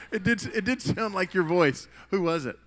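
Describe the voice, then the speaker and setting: A man's voice: sits high, a bit bright. A man preaching a sermon in a casual, rambling way, restarting sentences as he tells a story in a church. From United States. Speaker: pastor. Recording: long hall reverb.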